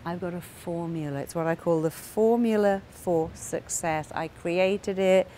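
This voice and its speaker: This middle-aged woman, a therapist, talks to camera about therapy in a lowish, warm, unhurried voice, with slight background noise. She speaks earnestly and acts out the voices of parents and clients while telling their stories.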